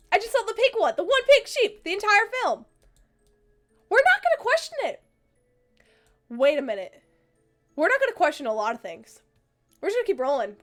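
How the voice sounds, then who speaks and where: A young woman streamer with a high voice chats casually, rambling and excitable, with lots of fillers and restarts. At points she gets choked up and emotional.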